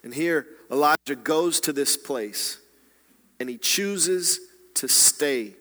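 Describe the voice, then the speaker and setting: Bright-voiced male preacher in a reverberant hall. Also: fairly high pitch, animated, slow pace. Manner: dynamic preaching, dropping to hushed tones and rising to loud exhortation. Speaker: pastor. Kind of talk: sermon.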